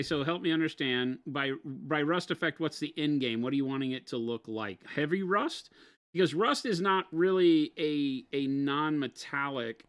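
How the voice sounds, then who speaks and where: A man's voice: a little high, fairly bright tone. A man hosting a casual livestream while painting miniatures, explaining patiently and trading dry, teasing banter. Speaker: host painting miniatures on stream.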